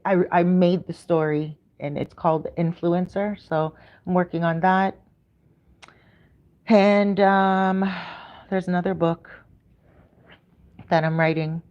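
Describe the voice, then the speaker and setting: A woman's voice: low voice, muffled recording. A woman with a Canadian accent chatting casually on her livestream, upbeat and rambling with lots of ums and restarts. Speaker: YouTuber hosting a livestream.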